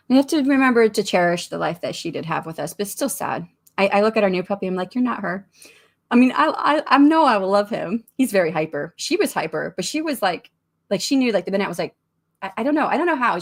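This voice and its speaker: A woman's voice: mid-range voice, animated, brisk, gravelly. A middle-aged woman hosting a livestream, chatting casually, reading out comments and rambling with frequent restarts and small laughs. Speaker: livestream host of writing sprints.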